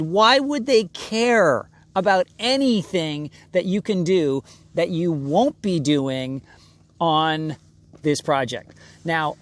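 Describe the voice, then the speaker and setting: A man coaching actors in an emphatic, conversational way, often acting out brief voices of casting people. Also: a little high. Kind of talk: direct-to-camera acting advice.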